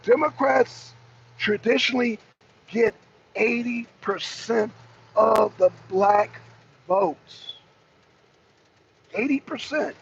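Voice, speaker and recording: A woman's voice: a little high, slow pace, creaky, pauses often. A woman hosting a political livestream, pressing the same questions again and again and answering viewers in the chat. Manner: emphatic, repeats rhetorical questions. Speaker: host. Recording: dull lo-fi stream audio with faint noise.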